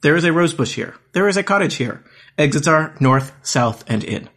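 A man acting as game master, narrating a text adventure aloud in plain, measured parser-style lines. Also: a little high, expressive, fairly bright tone.

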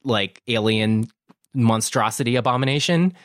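A man co-hosting a casual film-discussion podcast, talking in an animated, joking way. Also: mid-range voice, moderate pace, no room sound, clean studio sound. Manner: animated, joking, mimics characters. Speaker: podcast co-host.

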